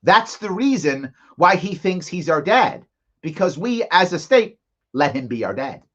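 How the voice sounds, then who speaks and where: A man's voice: fairly high pitch, big pitch swings, measured pace, a bit bright, husky, lo-fi sound. A man hosting a live commentary show, mocking and sarcastic as he reacts to a press conference. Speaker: host.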